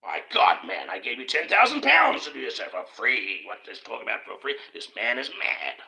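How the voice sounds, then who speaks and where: A man's voice: lowish voice, wildly swooping pitch, moderate pace, vocal fry, pushed and bright, reverberant, exaggerated voice. A man mocking an exasperated old tycoon. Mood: scoffing. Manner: incredulous, mocking. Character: scoffing old male industrialist, exasperated.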